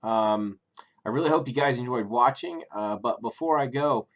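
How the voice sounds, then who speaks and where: A man's voice: mid-range voice, normal speed. A middle-aged man from the Cincinnati area giving a rambling, profane casual review on his vlog, full of ums and self-corrections. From Cincinnati area, USA. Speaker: YouTuber reviewing streaming services.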